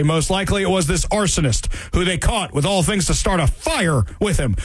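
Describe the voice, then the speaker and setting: A man hosting political talk radio, sarcastic and animated, repeating phrases for emphasis. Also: sits high, no room sound.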